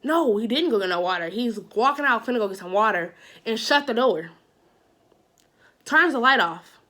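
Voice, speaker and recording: A woman's voice: on the high side, animated, normal speed, bright, forceful tone. A woman vlogger telling a personal story in a casual monologue, repeating phrases for emphasis and saying "like" a lot. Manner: heavy use of "like" as a filler.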